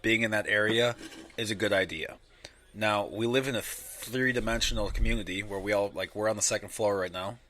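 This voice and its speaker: A young man chatting on a casual podcast with a bright, forward voice. He swears constantly and ranges widely in tone. He often breaks into exaggerated mocking impressions of other people. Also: on the low side, fairly even intonation, a little fast, a little hiss or hum. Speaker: podcast co-host.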